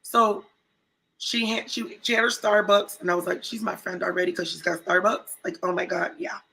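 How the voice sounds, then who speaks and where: Raspy, bright-voiced woman telling a story. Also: on the low side, moderate pace, poor audio. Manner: animated storyteller acting out quoted voices. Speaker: co-host. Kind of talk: casual storytelling chat.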